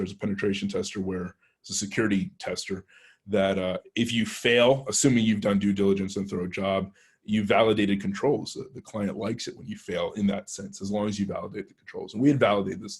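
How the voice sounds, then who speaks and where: A man tells a story in a relaxed, conversational way, with lots of restarts. His voice sits low and has a husky, slightly breathy edge. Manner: conversational, with many restarts and acted-out quotes. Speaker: penetration tester. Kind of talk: casual storytelling talk.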